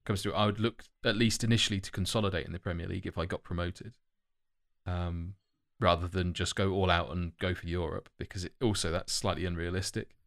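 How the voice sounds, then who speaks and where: A man's voice: deep voice, fairly even intonation, a little fast, no echo, studio quality. A man co-hosting a casual podcast chat, talking in loose, self-correcting ramble with many fillers. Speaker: podcast co-host.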